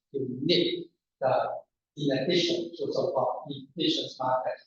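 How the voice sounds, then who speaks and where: A man presenting an academic paper at a conference panel, in a halting, deliberate way. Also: medium pitch, a little hiss or hum. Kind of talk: academic lecture. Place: conference room. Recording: distant, echoey, dull conference room recording.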